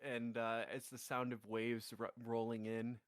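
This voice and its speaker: Halting man playing a tabletop game. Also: mid-range voice, completely flat delivery, clear, resonant tone. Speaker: player.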